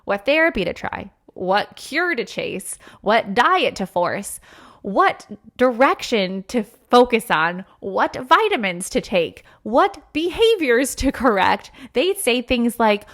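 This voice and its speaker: A woman's voice: very animated, slow pace, fairly bright tone. A woman hosting a faith podcast, talking earnestly and emotionally about her own experience, with many fillers and acted-out quotes. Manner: acts out quoted voices with sudden pitch jumps. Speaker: podcast host. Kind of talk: personal faith podcast monologue.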